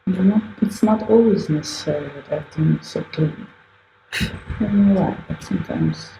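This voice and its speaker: Her voice is medium-pitched and creaky as she draws on a live stream from an art gallery, chatting casually, thinking aloud, correcting herself and often laughing. The echoey room carries faint ambient noise.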